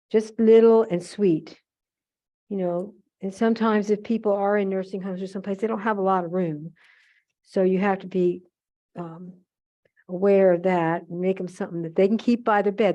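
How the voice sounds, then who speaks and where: A woman's voice: mid-range voice, steady tone, normal speed, dark tone, lo-fi sound. An older woman from the United States, a chatty storyteller who acts out the other voices while she demonstrates a craft. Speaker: craft demonstrator at a museum holiday event.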